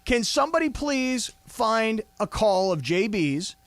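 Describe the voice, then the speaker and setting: A man co-hosting a sports radio show, excitable and defensive, breaking into loud play calls, in a studio. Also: high voice, measured pace, no echo. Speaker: radio co-host. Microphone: studio mic.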